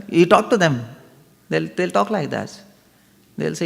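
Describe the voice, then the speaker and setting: A man lectures on scripture in a gravelly voice, questioning and reasoning aloud as he draws in his listeners. His voice rings out with a long reverb through a large temple hall. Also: a little high, expressive, measured pace, long pauses. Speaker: spiritual lecturer. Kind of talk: interactive spiritual lecture.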